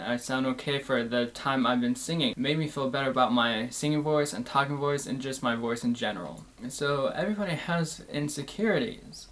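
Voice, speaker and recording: A man's voice: medium pitch, fairly bright tone. Earnest young man, plain-spoken host. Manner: earnest, reflective, plain-spoken with loose run-on phrasing. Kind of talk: candid personal monologue.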